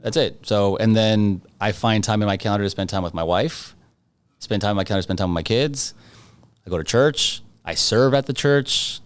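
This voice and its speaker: A man's voice: on the low side, moderate pace, clean tone. A man as a podcast guest, talking about his real estate work in a confident, emphatic way, hammering home points with short repeated lines. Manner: emphatic, confident, punchy repetition. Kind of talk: conversational interview.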